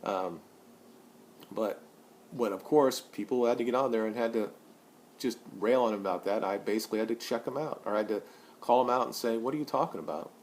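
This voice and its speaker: A man in his forties vlogging an opinion monologue, blunt and profane, rambling with many restarts, and rising loud and high when he gets worked up. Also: fairly quick, pauses often, slight background noise. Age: 40s.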